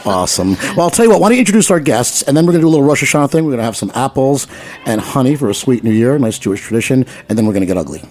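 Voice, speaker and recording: A man's voice: mid-range voice, big pitch swings, rapid-fire, darkish tone, slight background noise. A man co-hosting a talk show in a brash, profane, joking way. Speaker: co-host. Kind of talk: irreverent casual chat.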